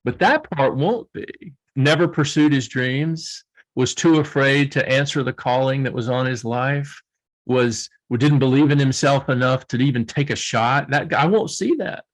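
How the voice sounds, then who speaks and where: Speaking at normal speed in a mid-range voice, this older guest author grows tearful during a reflective interview. He is earnest and emotional, frequently laughing as he recounts his stories.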